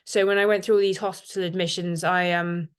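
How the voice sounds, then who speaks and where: A middle-aged woman from the UK with a British accent, telling her own story to a support group in a frank, self-deprecating way, pausing often with "um". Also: fairly low pitch, little pitch movement, clean tone. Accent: British English. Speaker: guest speaker sharing lived experience. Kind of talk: personal testimony to a support group.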